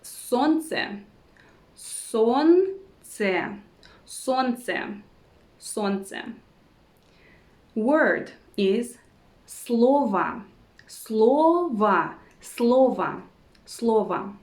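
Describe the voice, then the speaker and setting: A woman teaching a language lesson who says each word slowly and repeats it several times, with short words of encouragement. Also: a little high, expressive, darkish tone, roomy sound. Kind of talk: slow repeat-after-me pronunciation lesson.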